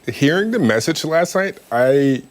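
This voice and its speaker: A man's voice: a little high, animated, measured pace. A man reporting for a local TV news show, talking conversationally with frequent ums. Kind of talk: live news debrief.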